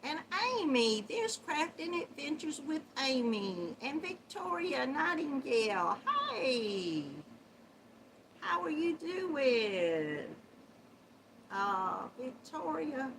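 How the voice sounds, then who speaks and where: This middle-aged woman's voice sits high and creaky, swinging widely in pitch as she takes it slowly, with slight background noise. Hosting a casual live chat with a runny nose, she greets viewers with sweet Southern endearments and laughs often.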